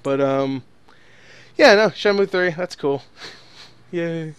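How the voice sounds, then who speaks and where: A man hosting a podcast talks in loose, rambling casual chat, laughing and swearing as he goes. His voice sits fairly high and sounds smooth and clear. The sound is dry and close. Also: lively intonation, unhurried, dry recording. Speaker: podcast host.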